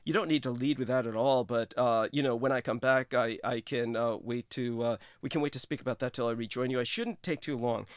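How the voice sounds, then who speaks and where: A man's voice: steady tone, a little fast, few pauses, smooth, no echo, clean studio sound. Effusive man hosting a livestream. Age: 30s. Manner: effusive, hesitant with fillers, sudden high exclamations. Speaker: show host. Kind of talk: casual livestream talk.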